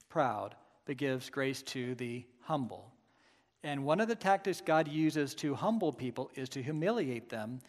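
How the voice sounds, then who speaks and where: A man's voice: a little high, long reverb tail. A man preaching a sermon with emphatic, rhetorical asides to his congregation. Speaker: pastor.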